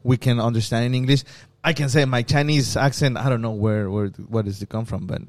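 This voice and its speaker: A man's voice: medium pitch, steady tone, brisk, darkish tone. A man with a Latin American accent hosting a casual podcast, self-deprecating and easygoing. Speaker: podcast host.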